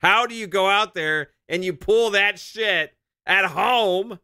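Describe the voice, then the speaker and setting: A man's voice: high voice, slow pace, pushed and bright, clear, resonant tone. A man co-hosting a podcast, ranting with heavy profanity in casual chat. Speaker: podcast co-host.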